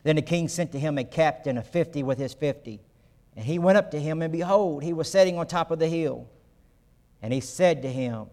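A pastor delivers an earnest sermon at a brisk pace in a darkish, mid-range voice, with a hall's long reverb around him. He raises his voice for emphasis and when voicing quotes.

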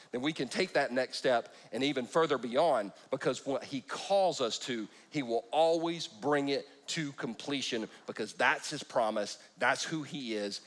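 Animated preacher man, lively pitch. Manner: animated, joking preacher who keeps breaking off his own sentences. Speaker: pastor. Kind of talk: sermon. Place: church.

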